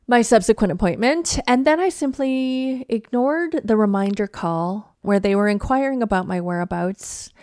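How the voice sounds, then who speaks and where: A woman's voice: fairly high pitch, no room sound, studio quality. A woman hosting a podcast, telling a story in a blunt, wry and profane casual rant. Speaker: podcast host. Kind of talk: casual ranting monologue.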